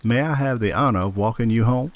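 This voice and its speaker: Narrator voices a charming, good-natured young man, courteous and amused, a touch raised in pitch. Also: a little fast, close to an everyday voice. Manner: polite, good-humored.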